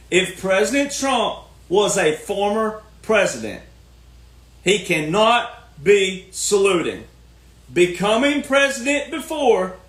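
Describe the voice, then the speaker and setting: A man's voice: high voice, a bit bright. A man delivering a folksy, preachy political rant, repeating his points. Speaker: commentary host. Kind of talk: ranting political monologue. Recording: roomy echo.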